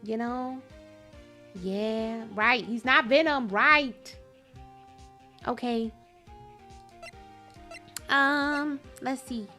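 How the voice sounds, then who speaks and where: High voiced lady streamer talking to chat, chatty, faint game music behind. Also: very slow, long pauses, pushed and bright. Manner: chatty, exclaiming, talks to the chat. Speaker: gaming streamer. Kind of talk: casual gameplay commentary.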